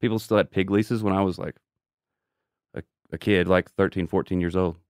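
A man, a guest on a podcast, answering in laid-back, halting casual chat. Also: low-pitched, steady tone, a little mellow, dry recording, clean studio sound. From southeastern Oklahoma. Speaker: guest musician.

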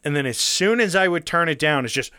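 A young adult man co-hosting a casual podcast, telling a road trip story with lots of swearing and animated retelling. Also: fairly high pitch, a little fast, smooth, no room sound, studio quality. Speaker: podcast co-host.

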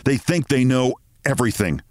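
A man voicing a meek, daydreaming middle-aged man who speaks in a low, cool, clipped way. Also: animated, normal speed, a little mellow, dry recording, studio quality, close to an everyday voice.

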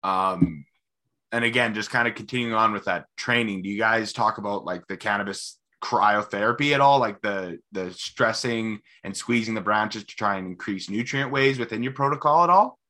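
A man's voice: on the low side, moderate pace, bright, forceful tone. A man hosting a casual interview, asking curious questions and sharing his own thoughtful observations. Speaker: podcast host.

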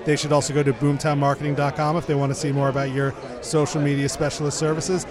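Male podcast host, higher voice, brisk upbeat intros, convention setting. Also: completely flat delivery, crowd noise. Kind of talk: podcast interview hosting at a convention. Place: convention floor.

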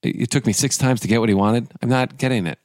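A man's voice: mid-range voice, quick pace, no room sound, clean studio sound. A man, an actor, telling a long rambling anecdote in casual chat, full of restarts and asides, and acting out the voices of the people in it. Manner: animated, acts out quoted voices. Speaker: actor and guest.

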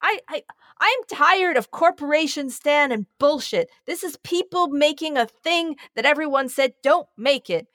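A woman's voice: sits high, expressive, moderate pace, a bit bright, dry recording, studio quality. A woman co-hosting a podcast in casual chat, effusive and rambling, with some swearing. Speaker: podcast co-host.

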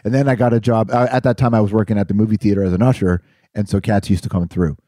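A man's voice: fairly low pitch, fairly even intonation, quick pace, dark tone, dry recording, clean studio sound. A man in his fifties chatting casually, reminiscing about the old days. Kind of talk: casual chat.

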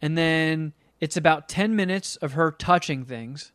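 A man's voice: fairly high pitch, unhurried, fairly bright tone, no echo, clean studio sound. A man on a podcast ranting about a movie he hated in a casual, profane, exasperated way. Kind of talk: casual comedic movie rant.

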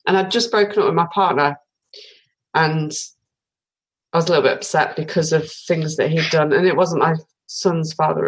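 A woman's voice: fairly low pitch, poor audio. A woman in her forties from Britain, telling her story in a casual interview with many fillers. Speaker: guest, tarot reader.

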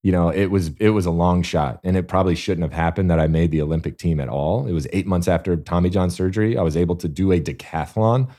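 Deep, mellow male athlete telling stories. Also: fast talker, few pauses. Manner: earnest, animated storyteller. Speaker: guest, Olympic athlete. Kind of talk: casual interview storytelling.

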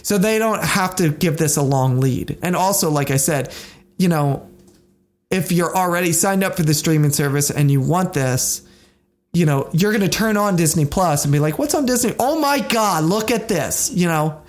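A podcast co-host talking casually in a rambling, animated way. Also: mid-range voice, moderate pace.

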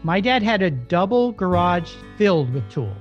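Middle-aged man telling an animated story. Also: sits high, moderate pace. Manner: animated, acts out quoted dialogue. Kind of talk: casual storytelling. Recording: slightly dull lo-fi recording with faint music.

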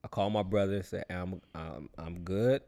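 A man's voice: low voice, steady tone, normal speed, warm tone. Laid-back slangy man telling a story. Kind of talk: casual chat.

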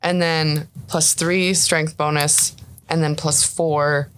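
Woman, very deep voice, tabletop player, eager, jokey. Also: little pitch movement, a bit bright. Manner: eager, joking and quick with banter. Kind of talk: casual chat at a tabletop game.

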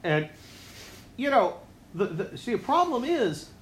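A man hosting his own show, delivering a rambling, sarcastic political monologue that swings between loud outbursts and low mutters. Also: very animated, unhurried, echoey room, a little hiss or hum. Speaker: podcast host.

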